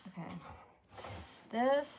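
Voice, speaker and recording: Speaking very slowly over background music, a woman hosts a casual livestream from home. Tired after just waking up, she chats away and greets her viewers by name.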